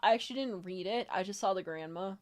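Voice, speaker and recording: A woman co-hosting a casual game chat, blunt and jokey, with excited swearing outbursts. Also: medium pitch, quick pace. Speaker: podcast co-host.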